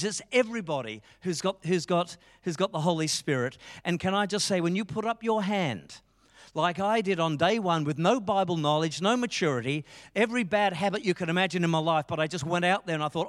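A man's voice: high voice, normal speed, a bit bright, in a large hall. A middle-aged man preaching a sermon, passionate and full of told stories. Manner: passionate, storytelling with quoted dialogue. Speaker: pastor.

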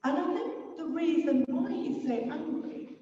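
A man's voice: very high voice, unhurried, warm tone. A man preaching a sermon in a church hall, talking conversationally and putting rhetorical questions to the congregation. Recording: distant, roomy, dull long-reverb hall sound.

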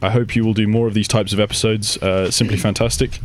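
Male co-host, lower pitch, laughs his way through a listener email, light background noise. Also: flat delivery, fast talker. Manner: giggly, self-conscious reading. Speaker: podcast co-host. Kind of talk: reading a listener email aloud.

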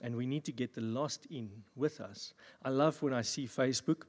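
A man's voice: medium pitch, moderate pace. Man preaching in an echoing church hall. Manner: jokey, animated asides with acted voices. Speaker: pastor. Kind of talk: sermon. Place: church service. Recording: long reverb of a church hall.

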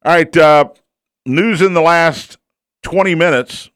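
A man's voice: fairly high pitch, measured pace, fairly bright tone, clean tone, no echo, studio quality. A man hosting a casual sports talk show, chatty and opinionated, who asks himself questions and answers them.

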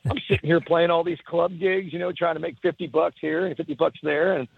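This is a middle-aged man, a songwriter guest in a podcast interview, whose voice is on the high side, creaky and husky as he talks a little fast. He tells stories animatedly with frequent repeats and restarts, recorded over a tinny, phone-like line with no room sound.

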